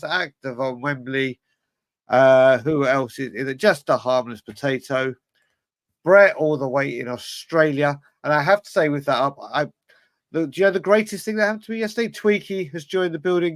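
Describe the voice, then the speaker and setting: A chatty man hosts a casual fan podcast, his voice sitting a little high for a man. The sound is close and dry, with no room around it. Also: no room sound. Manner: chatty, greets viewers one by one. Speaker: podcast host.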